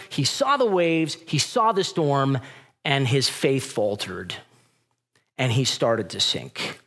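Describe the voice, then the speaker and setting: Lively male preacher with animated delivery. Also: a little high. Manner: animated storytelling, acts out voices in retellings. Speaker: pastor. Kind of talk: sermon.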